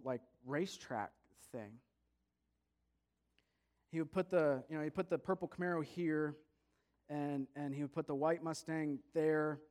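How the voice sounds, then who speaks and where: Male storyteller, high voice, lively and direct with the audience. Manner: lively, talks straight to listeners.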